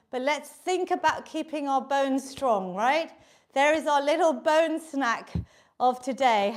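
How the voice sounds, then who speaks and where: A woman fitness instructor leading a live online exercise class, cheering people on, cueing each move and counting the reps. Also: sits high.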